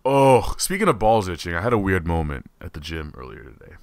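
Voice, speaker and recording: A man hosting a comedy podcast, chatting casually in an animated, swearing, rambling way. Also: sits low, fairly quick. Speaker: podcast host.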